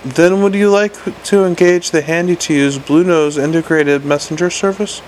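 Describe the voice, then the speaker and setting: A man doing a whiny, fast-talking little imp. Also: on the high side, darkish tone, slight background noise, close to an everyday voice, rough recording. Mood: eager. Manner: rapid, eager, pleading.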